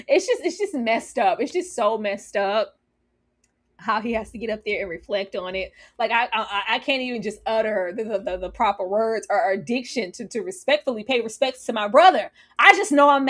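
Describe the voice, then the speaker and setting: A woman's voice: on the high side, fairly bright tone. A woman on a review panel talking casually and animatedly about a TV series, laughing often and acting out scenes.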